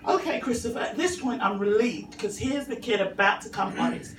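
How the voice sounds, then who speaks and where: A woman's voice: mid-range voice, moderate pace. A middle-aged woman with a London accent doing a stand-up set at an open mic, with a dry, self-mocking delivery. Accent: London English. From England. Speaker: stand-up comedian. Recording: echoey room from far off, faint hum.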